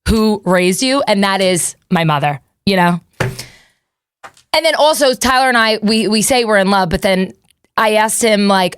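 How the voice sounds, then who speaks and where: A woman's voice: medium pitch, a little slow, clear, resonant tone, dry recording, clean studio sound. A woman in her thirties hosting a podcast, rambling and self-deprecating in casual chat. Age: 30s. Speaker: podcast host.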